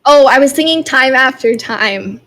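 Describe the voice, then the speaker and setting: A woman's voice: high-pitched, lively intonation, normal speed, a bit bright. A woman guest in an interview, a music streamer who talks hesitantly with many fillers and little laughs. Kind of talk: casual interview chat.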